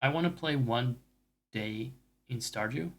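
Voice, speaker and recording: A man's voice: medium pitch, a little slow, a bit bright. A man streaming games, talking casually in a rambling, profane way, with self-mocking asides. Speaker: game streamer. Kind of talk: casual chat while gaming.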